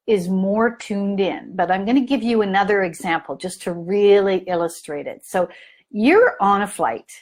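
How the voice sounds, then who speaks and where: A middle-aged woman coaching parents in a live training talk, telling stories and acting out the people in them. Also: medium pitch. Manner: animated storytelling, acts out scenes in lively voices.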